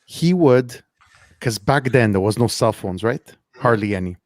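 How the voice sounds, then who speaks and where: A man co-hosting a casual podcast, telling stories in an animated way, repeating words and laughing often. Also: medium pitch, moderate pace, no room sound. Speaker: podcast co-host. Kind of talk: casual podcast chat, storytelling. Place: Montreal.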